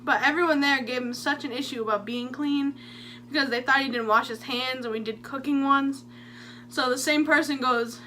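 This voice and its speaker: A woman's voice: high voice, steady tone, moderate pace, bright, forceful tone, slight background noise. A young woman telling her own stories in a chatty, jokey story-time vlog. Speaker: vlogger.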